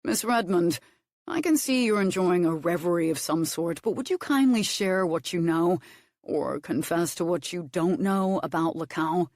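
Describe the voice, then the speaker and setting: A woman's voice: on the low side, animated, moderate pace, darkish tone, no room sound, clean studio sound. A woman voicing a stern, arrogant earl who answers curtly. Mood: curt, wary. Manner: curt and clipped. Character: stern, arrogant sea-raised earl, a grown man.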